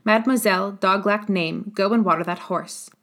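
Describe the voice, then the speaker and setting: A woman's voice: mid-range voice, moderate pace, fairly bright tone, close to an everyday voice. A woman voicing a harsh, bullying female innkeeper who barks orders in a storybook reading. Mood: scolding. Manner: scolding, barking orders.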